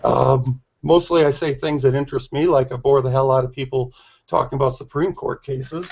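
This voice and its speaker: A man who is losing his voice, talking in a halting way with many fillers and restarts in a casual online group discussion. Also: mid-range voice, fairly even intonation, darkish tone. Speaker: regular hangout participant. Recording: dull lo-fi call audio.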